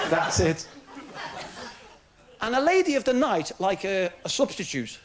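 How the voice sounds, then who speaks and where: A man's voice: very high voice, sing-song, drawn-out words, very noisy. A man doing a chatty club stand-up routine, joking with the crowd. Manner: chatty, jokey patter with the crowd. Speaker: stand-up comedian. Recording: old 1970s TV recording with audience laughter.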